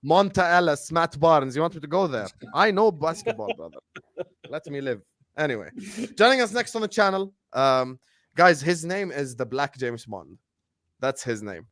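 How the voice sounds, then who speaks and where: A man's voice: on the high side, moderate pace. Bantering man hosting a live call-in stream. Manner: banter, animated introductions and teasing. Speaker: host. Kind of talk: casual chat. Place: home studio, virtual stadium background. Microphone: video call stream. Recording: dry, close with no room echo.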